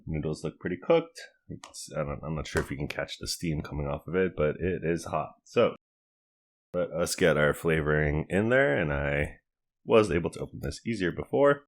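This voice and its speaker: Chatty low-voiced man reviewing food. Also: moderate pace. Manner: relaxed, chatty, thinks aloud while cooking and tasting. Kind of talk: casual food review to camera.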